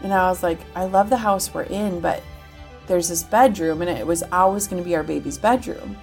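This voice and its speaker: A woman's voice: lowish voice, fairly quick, creaky, a little mellow, faint music behind. Chatty woman from Minnesota, talking casually. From Minnesota, USA. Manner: chatty, frequent "like" fillers, acts out quoted dialogue. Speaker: podcast guest. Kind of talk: casual interview chat.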